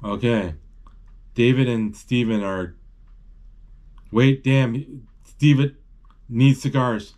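A man giving a live, off-the-cuff retelling of a movie as he watches it, halting and correcting himself as he thinks aloud. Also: mid-range voice, steady tone, a little mellow. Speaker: channel host describing a movie. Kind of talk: live play-by-play retelling of a film.

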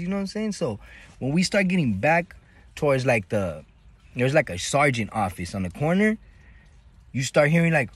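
A man telling a slangy, animated story to his viewers, acting out the voices of the people in it. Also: medium pitch, moderate pace, breathy edge. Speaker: vlogger. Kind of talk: casual storytelling.

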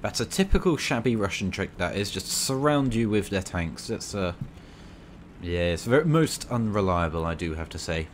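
A man giving excitable, casual commentary over a tank game, bantering at enemies with mock outrage. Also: low voice, normal speed, slight background noise. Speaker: gaming video creator.

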